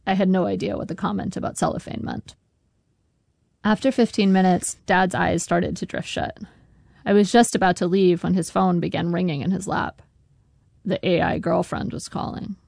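Gravelly woman narrating a memoir. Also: lowish voice, steady tone, normal speed, a little mellow, dry recording. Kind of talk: scripted audiobook narration. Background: faint guitar music.

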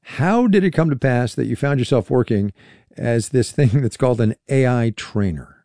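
A man's voice: medium pitch, animated, mellow, no echo. Dry-sounding male radio host. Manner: measured, with small restarts. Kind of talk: radio interview.

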